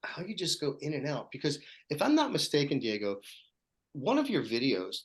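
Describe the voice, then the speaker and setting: A man hosting a podcast, asking his guest questions in a casual, expressive way. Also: fairly high pitch, normal speed.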